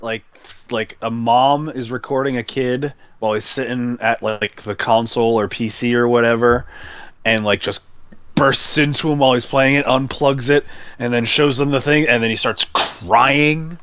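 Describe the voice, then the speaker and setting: A man co-hosting a gaming podcast, talking excitably and swearing a lot in casual chat. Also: medium pitch, normal speed, clean tone, no echo. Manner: profane, excitable, heavy swearing. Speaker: podcast co-host.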